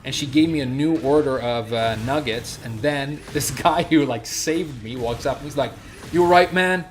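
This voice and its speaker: A young man streaming a game and telling a story in a relaxed, rambling way, full of fillers. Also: mid-range voice, moderate pace, slight background noise. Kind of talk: casual storytelling while gaming.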